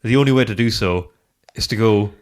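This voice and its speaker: A man's voice: lowish voice, a little fast. A man co-hosting a podcast in casual, self-deprecating chat. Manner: chatty, self-deprecating, trails off and restarts. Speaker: podcast co-host.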